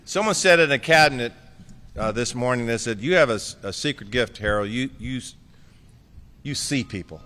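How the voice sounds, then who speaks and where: A man's voice: medium pitch, brisk, sharp tone, clear, resonant tone, big-room sound. A man giving a concession speech as outgoing mayor. He jokes and thanks people by name with affection.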